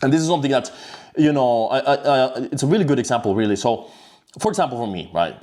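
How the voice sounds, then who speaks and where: A man's voice: mid-range voice, lively intonation, quick pace, darkish tone. A man talking to camera in a blunt, profane, rambling monologue about discipline, with frequent restarts and filler words. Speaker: self-improvement vlogger.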